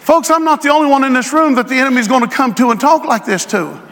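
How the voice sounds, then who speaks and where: A middle-aged male pastor preaching to his congregation, drawing out phrases for emphasis and rising to shouts. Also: very high-pitched, quick pace. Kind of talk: sermon. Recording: long hall reverb.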